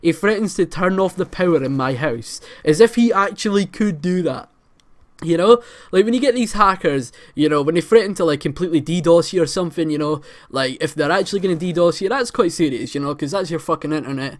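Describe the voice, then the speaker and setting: A man's voice: fairly high pitch, a little fast. A man with an Edinburgh Scottish accent, telling a rambling, profane, amused story as host of a gaming channel. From Scotland. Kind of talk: casual storytelling vlog.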